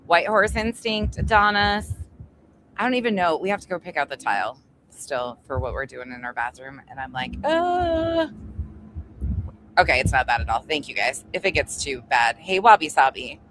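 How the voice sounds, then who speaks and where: With a bass voice, lively intonation, and a fairly quick, slightly bright delivery, a woman hosts a chatty livestream from home, greeting each viewer and swearing freely. Upstairs construction noise intrudes on the low-quality recording.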